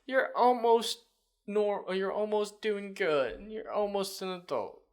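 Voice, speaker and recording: A man voicing a condescending adult praising a small child in a high sing-song. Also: measured pace, clean tone. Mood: patronizing.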